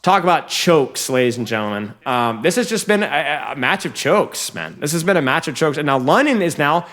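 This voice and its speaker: A man coaching viewers through a match review in casual commentary, talking straight to them and getting excitable when plays swing. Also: fairly high pitch, moderate pace.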